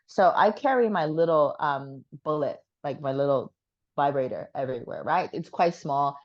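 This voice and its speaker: A woman's voice: deep voice, animated, moderate pace, muffled recording. A woman telling a funny story in casual chat, swearing freely and laughing as she goes. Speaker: guest.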